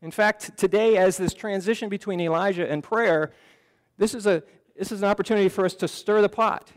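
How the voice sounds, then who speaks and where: A man's voice: high-pitched, brisk. Man preaching in a reverberant church hall. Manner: earnest, conversational preaching with frequent restarts. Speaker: pastor. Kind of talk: sermon. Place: church sanctuary.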